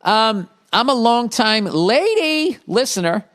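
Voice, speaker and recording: A man voicing a prim British lady writing a letter, in a high, sing-song put-on voice. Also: sing-song, slow, a bit bright, heavily acted. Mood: chirpy.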